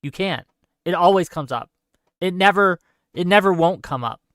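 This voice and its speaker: Smooth-voiced male host, dry and close. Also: sits high, animated, moderate pace, fairly bright tone, dry recording. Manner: emphatic, restarts his thoughts. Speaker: show host. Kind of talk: casual political chat.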